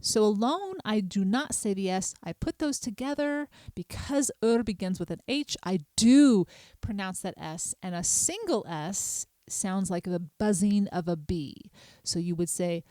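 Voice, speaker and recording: A middle-aged woman, hosting a podcast and patiently explaining a small language lesson, spelling words out slowly. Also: mid-range voice, expressive, warm tone, no echo. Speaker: podcast host.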